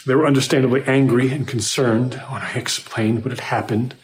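A man narrating a first-person horror story in a measured, scripted way, recorded with a roomy echo. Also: mid-range voice, steady tone, slight background noise.

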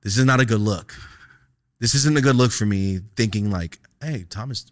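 A man's voice: on the low side, normal speed, dry recording, clean studio sound. A young man hosting a casual podcast, telling a profane story and acting out the voices of the people in it.

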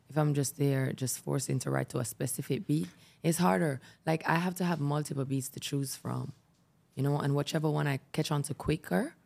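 A woman's voice: sits low, creaky. A Jamaican woman, a singer and rapper, talking in a laid-back way as a guest in a casual interview. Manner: laid-back, relaxed, with "you know" asides.

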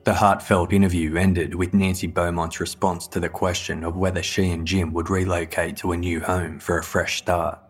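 A man narrating a true-crime story in a measured, grave, scripted manner. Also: low-pitched, flat delivery, breathy edge.

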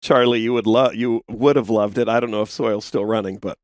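A man's voice: fairly quick, no room sound. A man co-hosting a podcast, casually telling a wild story, laughing as he goes and acting out the people in it. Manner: animated storyteller, acts out quoted people with sudden high yelps; profane, laughs through his own stories. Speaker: podcast co-host.

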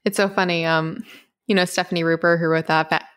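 Chatty woman podcast co-host, low-pitched. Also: fairly even intonation, a little fast, fairly bright tone, clear, resonant tone. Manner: chatty, rambling, many fillers. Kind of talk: casual podcast chat.

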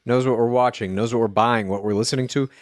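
A man co-hosting a podcast, joking in a casual, deadpan bro way. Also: medium pitch, quick pace, dry recording, studio quality. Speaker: podcast co-host. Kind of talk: casual chat.

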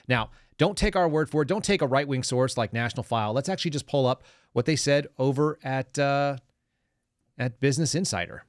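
Male podcast host, off-the-cuff political talk, close dry mic, mid pitch. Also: a little fast, dry recording. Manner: casual, rambling, directs his producer.

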